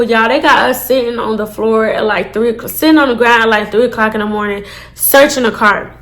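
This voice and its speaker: A woman telling a casual storytime to her viewers, animated and full of swearing. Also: on the high side, fairly quick. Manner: animated, swears a lot, addresses viewers as y'all. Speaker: storytime vlogger.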